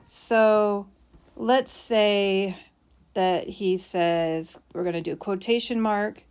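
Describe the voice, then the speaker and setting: A woman's voice: medium pitch, fairly even intonation, drawn-out words, darkish tone, smooth. A woman teacher explaining punctuation while writing, with playful mock bragging asides.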